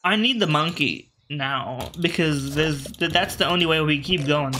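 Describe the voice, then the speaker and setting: Bright-voiced man musing over a game. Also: on the high side, a little slow, slight background noise. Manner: rambling, self-correcting, talks to his game pieces. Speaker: gaming video host. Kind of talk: casual gameplay commentary.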